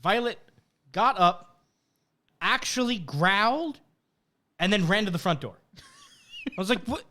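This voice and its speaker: A man with a somewhat high voice, co-hosting a loose podcast chat. He jokes freely and swears in passing. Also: big pitch swings, slow pace, long pauses, sharp tone. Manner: joking, profane banter. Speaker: podcast co-host. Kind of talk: casual chat.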